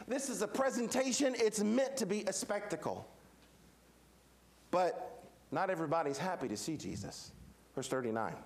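A man with a high voice preaching a sermon. He presses each point hard and stacks short, repeated questions and statements. He speaks as a pastor addressing his congregation. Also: animated, moderate pace, long pauses. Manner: emphatic, repetitive rhetorical questions.

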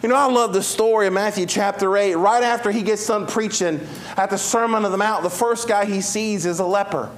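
A man delivers a sermon in a fairly high voice. He tells Bible stories with lots of energy, swinging between loud, quick passages and quiet, drawn-out ones, like a pastor working his congregation. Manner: animated storytelling preacher, swings from loud to hushed.

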